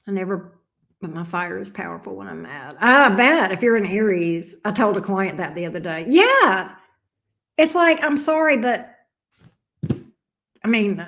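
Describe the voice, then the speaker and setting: A woman's voice: mid-range voice, fairly bright tone. A middle-aged woman hosting a livestream, chatting casually and bluntly with viewers and swearing freely. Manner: blunt, profane and sassy. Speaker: tarot reader and livestream host. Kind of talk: casual livestream chat reading viewer comments.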